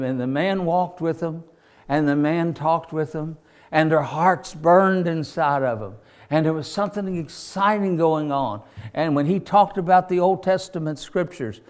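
A man's voice: on the high side, a little mellow. A man preaching a sermon, telling stories in a folksy way and building up to hollering.

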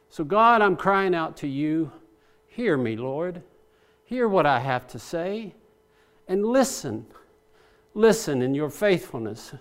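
A man's voice: a little high, a bit bright. A male preacher giving a sermon, praying aloud with passion as he paraphrases scripture.

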